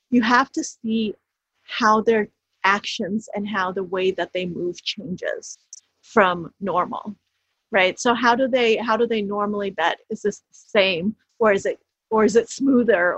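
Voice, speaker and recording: A woman with a husky, slightly breathy voice answers interview questions in a quick, emphatic way, circling back and restarting her phrases. The sound is dry and close, a little dull and lo-fi. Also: mid-range voice, no room sound. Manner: fast, emphatic explaining with many restarts. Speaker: author guest.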